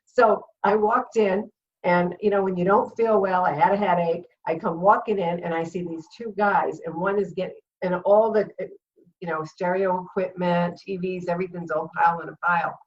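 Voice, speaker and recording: A woman's voice: fairly low pitch, moderate pace, far from the mic, muffled recording. A middle-aged woman with a Rhode Island accent, a guest on a video chat show, telling a story with lots of laughs and acted-out quotes. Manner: animated storyteller, laughs often, acts out quotes. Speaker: guest, comedian and former cheerleader.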